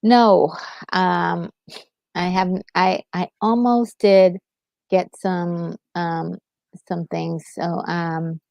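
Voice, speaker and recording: Brief: female co-host, slow and gravelly, lowish voice, laughs a lot, dry sound. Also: steady tone, darkish tone, no room sound. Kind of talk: casual chat.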